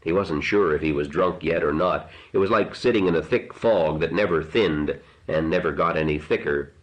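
Deep-voiced man reading a novel aloud. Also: normal speed. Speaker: narrator. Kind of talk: audiobook narration. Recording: dull lo-fi recording.

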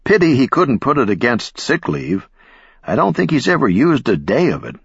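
A brisk, dry-humored male scientist speaks in clipped, matter-of-fact bursts, voiced by a man reading a story. His voice sits higher than the reader's own and keeps a husky edge. The recording sounds slightly dull and lo-fi. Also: wildly swooping pitch, dry recording, heavily acted.

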